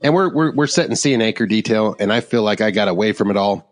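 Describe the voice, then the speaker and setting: A middle-aged man co-hosting a podcast, telling a story in a rambling, animated way and laughing along with it. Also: lowish voice, quick pace. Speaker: podcast co-host. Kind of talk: casual storytelling. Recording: long hall reverb.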